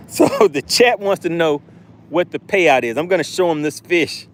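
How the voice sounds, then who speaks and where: A man hosting a live fishing stream from a boat outdoors, excitably narrating his catch and reading chat aloud. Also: a little high, a little slow, pauses often, slight background noise. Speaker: fishing livestream host.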